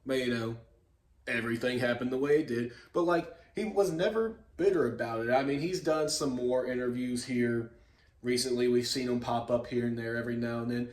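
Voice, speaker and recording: Easygoing male vlogger, medium pitch, chatty and full of fillers, recorded in a reverberant room. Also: fairly quick. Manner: rambling, relaxed, frequent fillers and chuckles. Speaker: YouTube host. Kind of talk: casual vlog storytelling. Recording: echoey room.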